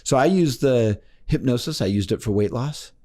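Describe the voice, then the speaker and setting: At a moderate pace, a man being interviewed on a podcast as a life coach relates a story. He animatedly performs the voices of its characters, leaping widely in pitch when quoting them.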